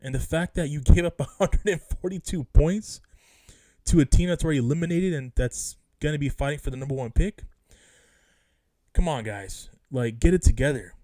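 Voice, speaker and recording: Frustrated man ranting, mellow dry voice. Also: on the high side, moderate pace, no room sound. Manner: frustrated, emphatic, repeats himself. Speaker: sports fan vlogger. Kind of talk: casual rant about a basketball game.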